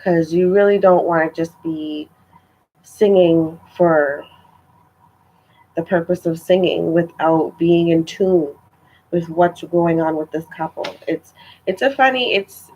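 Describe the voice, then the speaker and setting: A woman's voice: lowish voice, slow pace, mellow, dull audio, a little hiss or hum. A young woman telling a story in a casual vlog, chatty and exasperated, with lots of filler words. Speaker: vlogger.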